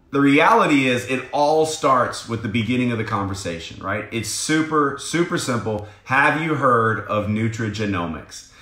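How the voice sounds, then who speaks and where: A man gives his sales team a motivational training talk with a coaching energy, checking in with them again and again. His voice is bright and forceful. The recording has a roomy echo around it. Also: mid-range voice. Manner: energetic, coaching, keeps asking "right?". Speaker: team leader giving a sales training call.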